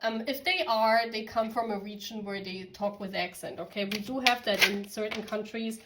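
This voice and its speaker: A woman's voice: mid-range voice, moderate pace, a bit bright, poor audio. A woman from Germany giving a casual tarot reading, chatty and giggly, talking straight to her viewers. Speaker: tarot reader.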